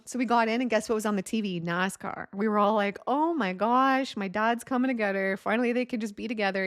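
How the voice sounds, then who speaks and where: A woman's voice: medium pitch, no room sound, clean studio sound. A woman vlogger telling a painful personal story to her viewers in a casual, rambling way, swearing now and then. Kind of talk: emotional personal story to camera.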